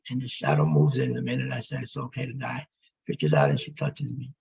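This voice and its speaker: A man telling his near-death story as emotional personal testimony, halting and pausing as he speaks. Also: medium pitch, very animated, gravelly, a little mellow, breathy edge, dull audio. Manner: halting, emotional, with pauses and restarts.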